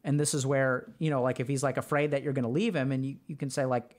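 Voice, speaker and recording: A man's voice: medium pitch, steady tone, fast, hardly any pauses. Earnest man giving relationship advice. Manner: conversational, earnest, many fillers. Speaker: podcast host and mental health doctor. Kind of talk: casual advice talk.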